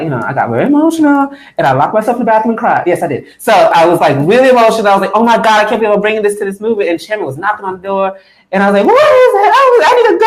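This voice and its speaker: A man's voice: a little high, roomy sound, rough recording. A man speaking as a guest on a webinar, giving an impassioned personal testimony in an emphatic, conversational way full of "you know" fillers. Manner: animated storyteller, voices his own past thoughts. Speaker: guest speaker for a political party. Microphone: computer mic on a video call.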